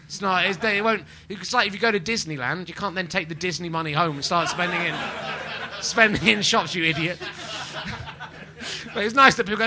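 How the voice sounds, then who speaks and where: A man's voice: sits high, fairly quick, a crowd in the background. A man from England hosting a live podcast in front of a small audience, chatting in a rambling, mock-indignant, jokey way. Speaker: podcast host. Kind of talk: live stand-up podcast chat.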